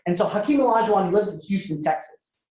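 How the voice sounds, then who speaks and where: A young man from Ohio telling stories as a stand-up speaker, acting out characters with sudden jumps in pitch. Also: lively intonation, fast, warm tone. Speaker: comedian and speaker. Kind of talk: storytelling stand-up talk to an audience. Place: university lecture hall. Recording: echoey hall, dull lo-fi sound.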